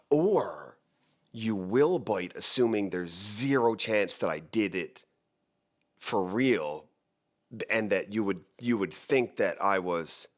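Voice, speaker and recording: A man's voice: fairly low pitch, takes it slowly. A man who hosts a real estate show, chatting casually to the camera in a rambling, joking way, often breaking off mid-sentence. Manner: rambling, joking, self-interrupting.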